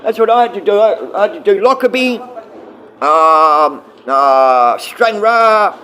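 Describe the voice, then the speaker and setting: A man's voice: sits high, animated, slow pace, pushed and bright, a little hiss or hum. A middle-aged man livestreaming, rambling and swearing casually as he answers his viewers.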